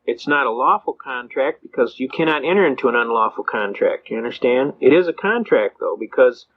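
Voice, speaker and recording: A man's voice: mid-range voice, expressive, a little fast. Older man, folksy lecture, lo-fi sound. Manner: folksy storyteller, acts out dialogue in quotes. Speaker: seminar speaker on constitutional rights. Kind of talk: folksy anecdotal lecture to a live audience. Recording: dull lo-fi recording.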